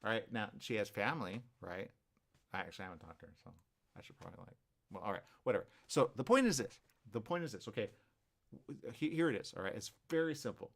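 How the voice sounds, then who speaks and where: A man's voice: fairly low pitch, lively intonation, quick pace, vocal fry, a bit bright. A man hosting a talk show, rambling in a casual monologue, repeating himself and checking in with viewers.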